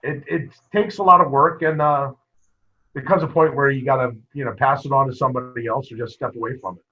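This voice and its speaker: A man, a wrestling coach, telling stories in a casual interview, lively and full of quoted dialogue. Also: mid-range voice, fairly quick, husky. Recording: muffled lo-fi podcast audio.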